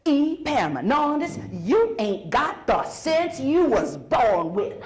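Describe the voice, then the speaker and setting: A woman's voice: high-pitched, very animated, pitched above the performer's own voice, full character voice. Woman playing a scolding mama, hands on hips. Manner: drawn-out scolding in folksy speech. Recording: roomy echo, faint hall noise.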